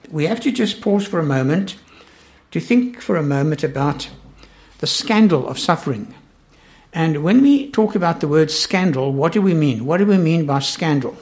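A man's voice: on the high side, a little mellow. A man teaching a Bible study in an earnest, emphatic way, repeating his key points.

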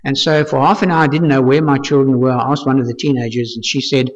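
A man's voice: medium pitch, steady tone, fast talker, few pauses. An older man, a pastor telling a testimony in earnest, storytelling fashion, repeating phrases for emphasis. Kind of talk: testimony sermon. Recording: echoey hall, dull lo-fi sound.

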